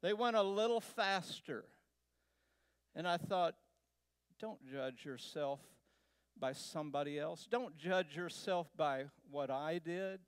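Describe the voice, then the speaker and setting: A man from Texas, a guest speaker, telling a personal travel story to a church in a slow, unhurried way with pauses. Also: a little high, clear, resonant tone, no echo. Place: church sanctuary.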